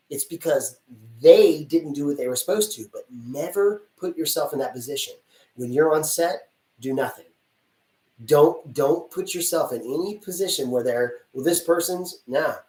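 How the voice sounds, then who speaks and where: A man's voice: a little high, distant mic. Chatty man answering questions in an echoey room. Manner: energetic, chatty, acts out little scenes. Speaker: casting director. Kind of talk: live-stream Q&A answers.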